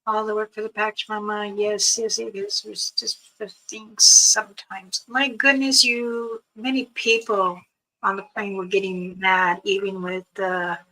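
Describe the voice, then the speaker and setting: A woman's voice: mid-range voice, flat delivery, a little slow, sharp tone, low-quality recording. A woman hosting a casual livestream, chatting about a trip with frequent laughs and reading viewer comments aloud. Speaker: livestream host. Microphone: streaming setup.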